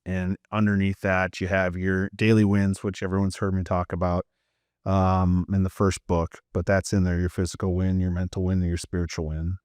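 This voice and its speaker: Low-voiced canadian guy rambling on a podcast, lots of ums, dry close mic. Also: flat delivery, normal speed, a little mellow, dry recording. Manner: rambling, many fillers and restarts. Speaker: podcast co-host and mindset coach. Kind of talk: casual podcast chat.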